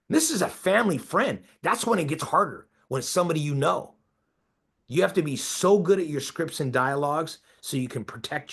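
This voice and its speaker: A man's voice: a little high, expressive, a little fast, gravelly, fairly bright tone, breathy edge. A man coaching a group of real estate agents, talking emphatically and pressing his listeners with questions for agreement.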